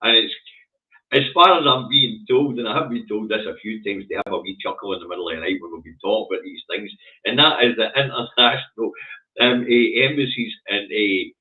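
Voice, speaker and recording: A man's voice: fairly low pitch, fairly quick. A Scottish man hosting a casual current affairs show, blunt and sardonic, swearing freely. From Scotland. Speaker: host. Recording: tinny phone-like audio.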